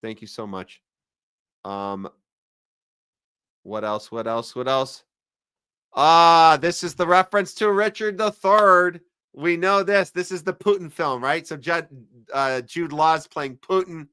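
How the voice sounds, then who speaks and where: Podcast host guy, punchy clear voice, sarcastic rambly chat, dry close sound. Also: on the high side, slow, long pauses, pushed and bright, no echo. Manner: sarcastic, chatty commentary. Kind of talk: casual live-stream chat reading viewer comments.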